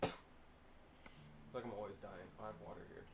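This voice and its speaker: A man's voice: lowish voice, fairly even intonation, brisk, vocal fry, very noisy. Rambling young man ranting over gameplay. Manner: rambling, profane, ranting storyteller. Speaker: streamer. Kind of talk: casual gameplay commentary.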